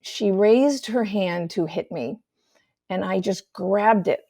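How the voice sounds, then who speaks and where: An older woman hosting a talk show, telling her own childhood story in a candid, measured way and dropping to a soft hush on painful memories. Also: mid-range voice, gravelly. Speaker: host sharing her story. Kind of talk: personal storytelling, reflective monologue.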